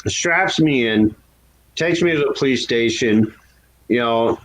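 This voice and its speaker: A man's voice: takes it slowly, fairly bright tone, low-quality recording. A man chatting casually and candidly about his past, laughing at himself and lifting his voice when acting out what others said. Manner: candid and self-deprecating, laughs at own story; raises pitch to act out quoted voices. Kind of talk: casual chat.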